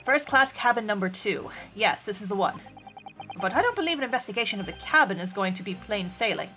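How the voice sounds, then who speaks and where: A woman's voice: mid-range voice, expressive, lightly acted. Woman putting on a dopey young sidekick guy, dry sarcastic, game music behind. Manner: deliberately dumb, dry sarcasm. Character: dim young male sidekick lawyer.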